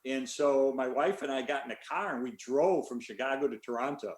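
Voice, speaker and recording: A man's voice: medium pitch, fairly quick. Older guy telling a long story over a video call, lots of ums, roomy echo. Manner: relaxed, rambling with many fillers. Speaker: author answering questions. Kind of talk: conversational storytelling.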